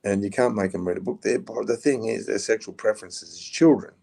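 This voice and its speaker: A middle-aged man with an Australian accent, blunt and rough-spoken, telling prison stories in a casual interview. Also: lowish voice, brisk, dark tone. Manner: blunt, rough-spoken storyteller, swears, says "mate". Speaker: podcast guest, former prisoner.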